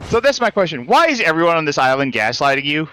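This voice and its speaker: Man co-hosting, wry game jokes, lively, bright. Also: a little high, fast talker, faint music behind. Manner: wry, joking. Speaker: podcast co-host. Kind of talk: casual game commentary.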